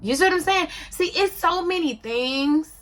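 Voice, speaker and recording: A woman's voice: extremely high pitch, animated, normal speed, a bit bright. A woman casually commenting on a reality show, talking in an emphatic, conversational way and often checking whether the listener follows. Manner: conversational, emphatic, often asks "you see what I'm saying".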